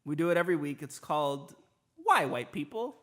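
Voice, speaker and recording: A man's voice: fairly high pitch, expressive, fairly quick, a bit bright. A young man hosting a casual podcast, keeping time on segments and laughing easily. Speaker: podcast host running segments. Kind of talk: casual chat.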